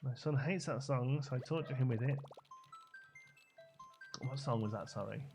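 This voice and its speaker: A man's voice: medium pitch, normal speed, music in the background. A young man chatting and joking on a live stream while playing a game, humming little tunes between comments. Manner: chatty, jokey, hums and sings tunes. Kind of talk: casual live-stream chat.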